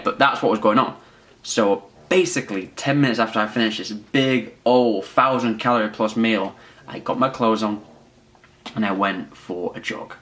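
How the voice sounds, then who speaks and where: In a casual to-camera vlog, a young man in his twenties shares a personal story, talking loosely and mocking himself. His voice sits on the low side and has a fairly bright tone.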